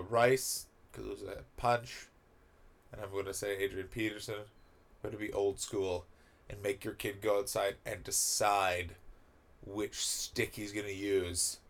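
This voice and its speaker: A young man hosting a podcast, rambling and swearing as he rants, his voice rough and gravelly. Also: mid-range voice. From North America. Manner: profane, rambling, heats up into shouting rants. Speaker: podcast host. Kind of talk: casual comedic rant.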